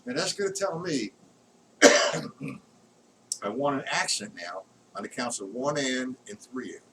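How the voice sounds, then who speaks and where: A man's voice: medium pitch, big pitch swings, a little slow, slight background noise. A man teaching a live drum lesson, counting beats aloud as he demonstrates strokes. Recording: distant mic, loud drumming and clicks.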